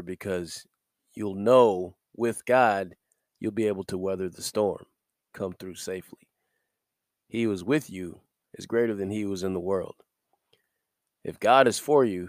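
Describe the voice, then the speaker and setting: Man, podcast host, getting over a cold, lowish voice, dry close mic, upbeat preachy delivery. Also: dry recording. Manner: upbeat and preachy, laughs between points. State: recovering from a cold. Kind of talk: short devotional podcast.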